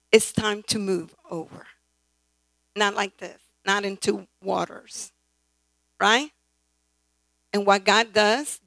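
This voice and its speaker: A woman's voice: mid-range voice, sharp tone, dry recording, rough recording. A woman preacher delivering a sermon, emphatic, often calling out "right?" and "amen?" to the congregation. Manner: emphatic, calls for responses from the congregation.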